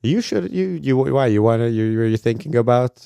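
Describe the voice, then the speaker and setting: A man who is a stand-up comedian, telling stories in a casual interview with energetic, animated delivery. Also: mid-range voice, fairly quick, gravelly, clear, resonant tone, no echo. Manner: energetic, animated storyteller who acts out quotes.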